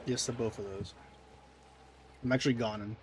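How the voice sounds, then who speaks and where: A man's voice: fairly low pitch, fairly even intonation, normal speed, a little hiss or hum. A man live-streaming a game, chatting casually with viewers in a sarcastic, mock-indignant way. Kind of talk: casual gameplay stream chat, answering viewers.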